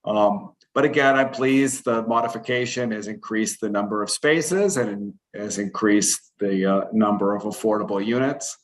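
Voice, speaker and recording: A man's voice: fairly low pitch, moderate pace, hardly any pauses. Man commissioner, hesitant with many restarts. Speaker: planning commissioner. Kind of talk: comments at a public meeting.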